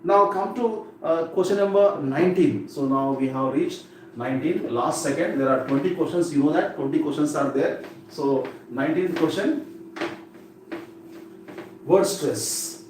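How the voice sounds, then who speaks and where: A man lectures on exam English and repeats each word several times as he drills it. His voice sits a little high for a man. He stands far from the mic in a very echoey room, with faint noise underneath. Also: unhurried, darkish tone. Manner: repetitive, drilling words aloud. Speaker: English teacher.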